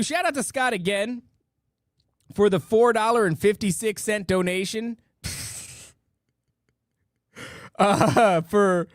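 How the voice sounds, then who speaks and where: A man with a high-set voice hosts a casual live stream, playful and jokey as he reads out donations. He stumbles and restarts over the numbers. The sound is dry and close. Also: dry recording. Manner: playful, jokey, with repeated silly catchphrases; stammers and restarts while reading amounts. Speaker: podcast host reading out donations.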